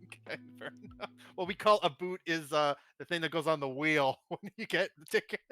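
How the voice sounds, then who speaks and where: A playful man from North America teases his co-host and laughs easily. His voice is bright and fairly high for a man. Faint music plays behind him. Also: fairly quick. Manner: playful, teasing, laughs often. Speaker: guest co-streamer. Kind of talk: casual chat on a live stream.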